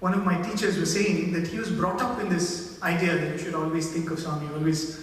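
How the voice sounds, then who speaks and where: A man's voice: a little high, fairly even intonation, brisk. A man giving a devotional talk, telling stories and checking in with his audience. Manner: storytelling, often adds "right?". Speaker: spiritual speaker. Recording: echoey hall from far off.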